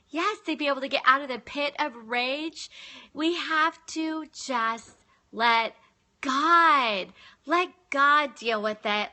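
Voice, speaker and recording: A middle-aged woman, talking earnestly about faith to viewers on a phone live stream. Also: sits high. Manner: earnest, animated, addresses viewers by name. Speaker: Christian live-stream speaker. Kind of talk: casual faith talk to viewers.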